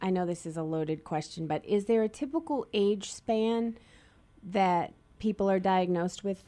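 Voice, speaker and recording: A woman's voice: mid-range voice, measured pace, mellow. A woman with a Boston accent hosting a radio interview show in a friendly, chatty way.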